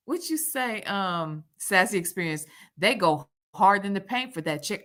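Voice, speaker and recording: A woman hosts a casual livestream, talking straight to her chat in a sassy, chatty way. Her voice is very bright and sharp, and she swings widely in pitch while keeping an unhurried pace. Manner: lively with loud jumps in pitch. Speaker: YouTube commentary host.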